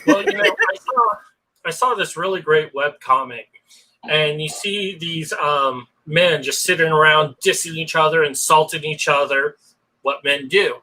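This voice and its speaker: A man's voice: fairly high pitch, lively intonation, measured pace, bright, forceful tone, poor audio. A man casually telling personal stories in an earnest, rambling way. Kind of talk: casual storytelling.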